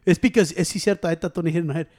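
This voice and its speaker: A man's voice: fairly high pitch, steady tone, rapid-fire, a little mellow. A man in casual chat, swearing freely and mixing Spanish into his English. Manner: profane, mixes Spanish and English.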